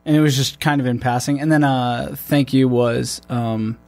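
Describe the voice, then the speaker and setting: A man's voice: mid-range voice, steady tone, moderate pace, creaky, a little mellow. A man, a military veteran, talking in a loose, rambling way with many restarts and fillers. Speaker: podcast host. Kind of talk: casual conversation.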